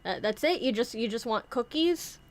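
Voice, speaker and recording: A woman's voice: a little high, expressive, moderate pace. A young woman streamer chatting casually in a playful, rambling way, often interrupting herself as she acts out skits with her toys. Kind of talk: casual chat.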